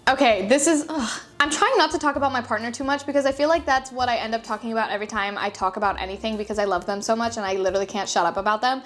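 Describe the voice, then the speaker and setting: Young woman vlogger, high voice, chatty and emotional, lots of fillers, faint music underneath. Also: racing, few pauses. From Los Angeles. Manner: chatty and emotional, laughs often, many fillers. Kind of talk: casual chat. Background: soft background music.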